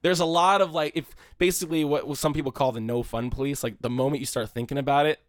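A man from California co-hosting a casual movie podcast, rambling and swearing, loudly acting out the people he quotes. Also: a little high, steady tone, fast, no room sound, studio quality. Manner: profane, rambling, shouts when quoting people. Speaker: podcast co-host.

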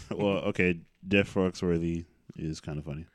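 A man's voice: low-pitched, steady tone, moderate pace, dry recording. A man co-hosting a casual chat, asking questions and tossing in dry, sarcastic quips. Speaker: podcast co-host.

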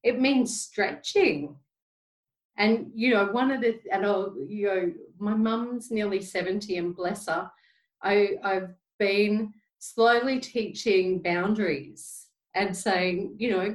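A woman in her forties speaking gently and reflectively in a casual podcast chat, telling stories. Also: medium pitch, slow. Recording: roomy echo, distant from mic.

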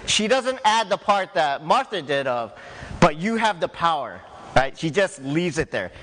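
A man delivering a sermon in an unhurried, conversational way, tossing in little "right?" asides. His voice sits a bit high for a man. The sound carries a long hall reverb with faint ambience behind it. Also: sing-song, a bit bright, slight background noise. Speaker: pastor.

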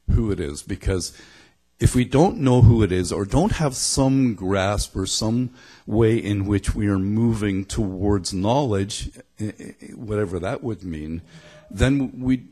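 Low husky-voiced middle-aged preacher. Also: male voice, dark tone. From Belfast, Northern Ireland. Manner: reflective, thinking aloud with restarts. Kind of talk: conversational sermon.

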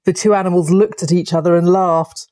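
A woman reading a children's story aloud, calm and measured. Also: on the low side. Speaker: audiobook reader. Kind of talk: storybook narration.

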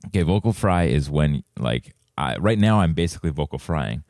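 Casting: low male voice, very lively intonation, teasing co-host, dry room. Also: normal speed, no echo. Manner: animated explaining, teasing. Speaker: podcast co-host. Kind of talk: casual chat.

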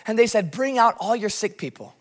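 This American man is a pastor whose high, expressive voice runs a little fast. He preaches with passion in a church hall, sharing missions-work stories, and the recording has a long hall reverb.

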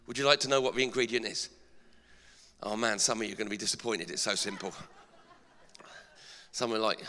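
A middle-aged male pastor delivering an energetic sermon in a church, asking the congregation rhetorical questions. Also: lowish voice, a little fast, long pauses. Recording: long hall reverb.

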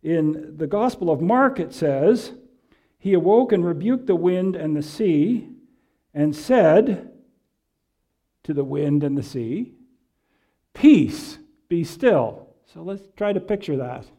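A man preaching a conversational sermon, reading scripture and explaining it with frequent pauses and fillers. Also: a little high, animated, mellow. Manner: reads and re-reads scripture quotations.

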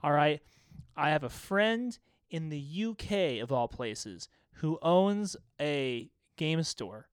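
A man co-hosting a podcast in casual chat, telling animated stories and swearing freely. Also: fairly high pitch, slow pace, smooth, no room sound, studio quality. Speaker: podcast co-host.

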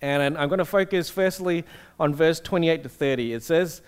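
A man's voice: fairly high pitch, normal speed, clear, resonant tone. A man, preaching a casual sermon that tells stories and asks the audience questions. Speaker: pastor. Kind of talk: conversational sermon.

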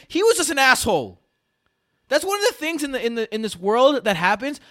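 A man hosting a casual sports podcast, ranting loudly and swearing, then dropping to a mutter. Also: sits high, big pitch swings, brisk, dry recording, clean studio sound. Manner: rants loudly, swears, jumps between shouting and muttering. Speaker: podcast host.

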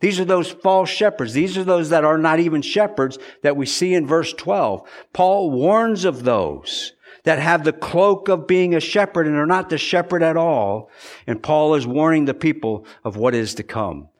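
Pastor, male, earnest sermon delivery, slightly raised pitch, repeats phrases to drive points home. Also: normal speed.

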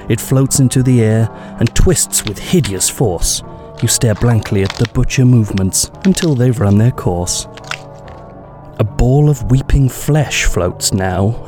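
A man's voice: medium pitch, warm tone. A man narrating a comic horror poem in rhyming verse with theatrical, swooping delivery.

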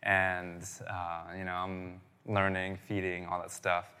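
A man's voice: sits low, monotone, slow, pushed and bright, smooth, long reverb tail. A man in his thirties preaching a sermon as pastor, telling stories in a casual, conversational way and often asking "right?". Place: church.

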